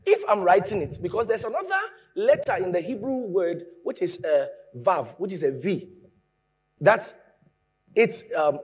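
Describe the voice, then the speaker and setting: A man preaching a sermon, explaining with lively emphasis that rises from quiet asides to raised points. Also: high voice, breathy edge.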